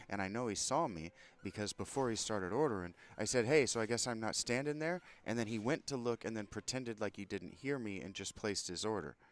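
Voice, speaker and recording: A man telling an angry, profane story about a confrontation, aggrieved and heated. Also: low voice. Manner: profane, aggrieved, retells a confrontation with mounting anger. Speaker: vlogger.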